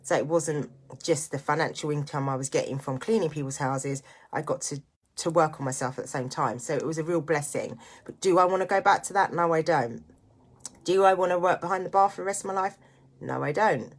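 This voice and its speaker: A middle-aged woman speaks straight to her viewers in a low voice. She is earnest and reflective, mixing personal confession with motivational advice in an unscripted vlog. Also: fairly quick. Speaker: vlogger and single parent. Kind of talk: candid personal vlog monologue.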